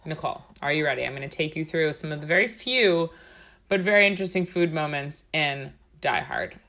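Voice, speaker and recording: A woman's voice: low-pitched, expressive, brisk, sharp tone. A woman co-hosting a podcast in casual chat, talking loosely with swearing, laughs and quoted movie lines. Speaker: podcast co-host.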